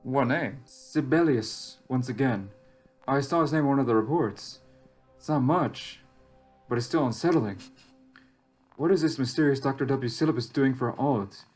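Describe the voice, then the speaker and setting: A man's voice: medium pitch, normal speed, a little mellow, lightly acted. A man reading aloud as a lost, anxious young survivor in a text game, reflective and wry, with faint game music behind. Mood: musing. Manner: reflective, rises sharply when alarmed.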